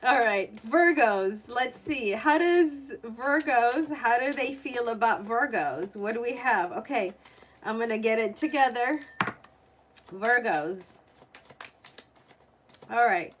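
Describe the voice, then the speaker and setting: A woman's voice: a little high, animated, takes it slowly, a little hiss or hum. A woman tarot reader live-streaming a reading, chatty and openly emotional as she talks to her viewers.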